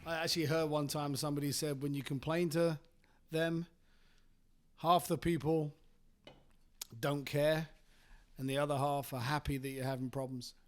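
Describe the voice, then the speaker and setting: A man's voice: a little high, little pitch movement, normal speed, long pauses. A man from London with a London English accent, co-hosting a podcast with dry, joking banter. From southern England, London. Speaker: podcast co-host. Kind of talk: casual podcast chat.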